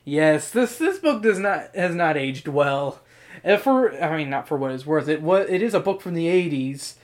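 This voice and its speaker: A man's voice: a little high, animated, moderate pace. A man hosting a podcast in casual chat, rambling and swearing often, with frequent laughs. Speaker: podcast host.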